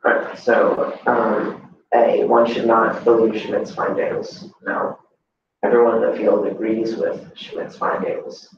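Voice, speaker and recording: A man's voice: on the low side, monotone, slow pace, gravelly, a little hiss or hum. A male student reading a test question aloud and thinking through the options, hesitant. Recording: distant, very echoey classroom, dull sound.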